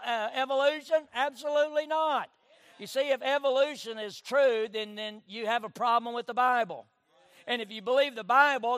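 High-voiced preaching man, dry sound. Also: dry recording. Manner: preaching with call-and-response amens, swinging from loud to hushed. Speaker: pastor. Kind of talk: sermon.

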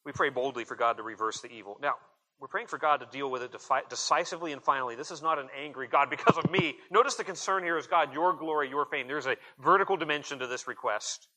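A man's voice: mid-range voice, fast, pushed and bright, low-quality recording. A man preaching an earnest expository sermon, reading scripture aloud and emphatically voicing quoted prayers. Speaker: pastor.

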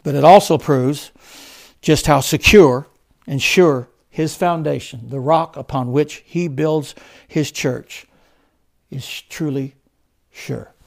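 Gravelly fervent male preacher. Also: slow pace. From United States. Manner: swells from loud fervent preaching to low quiet emphasis. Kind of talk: sermon.

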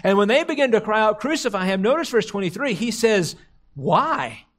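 A man preaching a sermon as a pastor, slowing down and dropping low to stress key words. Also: animated. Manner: slows and drops low for emphasis, quotes crowd cries dramatically.

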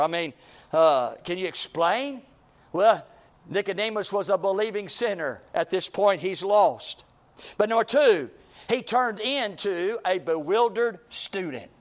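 A man's voice: high-pitched, lively intonation, unhurried. A man preaching a sermon as pastor, driving his points home with repeated questions and rising emphasis.

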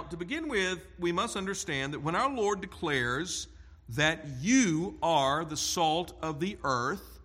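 A male pastor delivering a sermon in a slightly high voice. He preaches emphatically and deliberately, leaning hard on single words and repeating lines for weight. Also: fairly bright tone.

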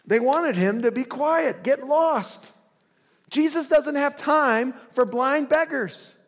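A man preaching a sermon as pastor, earnest, often dropping to a soft hush to drive a point home. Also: very high-pitched, slow. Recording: long reverb of a large hall.

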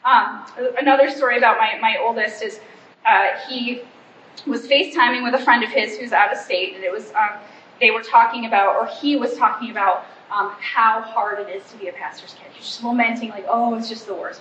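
High-voiced woman in her forties, chatty. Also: a bit bright, a little hiss or hum. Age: 40s. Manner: chatty, self-deprecating, acts out family dialogue. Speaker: pastor's wife speaking to a church group. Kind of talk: informal church talk. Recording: roomy, slightly muffled hall recording.

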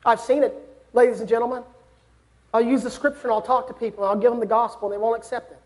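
A young man delivers a sermon with an unusually high-pitched voice. He speaks earnestly and builds to fervent exhortation. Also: fairly even intonation, fast. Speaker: preacher.

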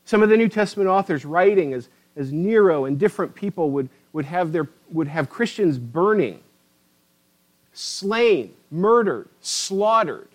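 Man, preacher, fervent sermon, swings between loud emphasis and quiet asides, fairly high pitch. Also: expressive, unhurried, low-quality recording. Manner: impassioned, rising and falling emphasis, addresses listeners as beloved.

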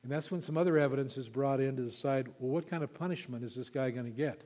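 A pastor preaching an expository sermon, emphatic and repeating key words for stress. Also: male voice, mid-range voice, fast talker, a little mellow. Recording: long reverb of a large hall.

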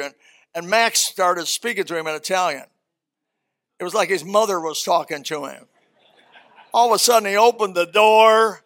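A man's voice: high voice, brisk, fairly bright tone. An older man preaching a sermon as a pastor, reading scripture and telling folksy stories.

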